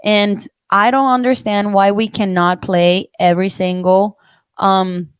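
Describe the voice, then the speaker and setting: Woman, excited sports chat, says like a lot, smooth voice, dry close sound. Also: mid-range voice, measured pace, no echo. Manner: excited, chatty, leans on "like". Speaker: podcast co-host.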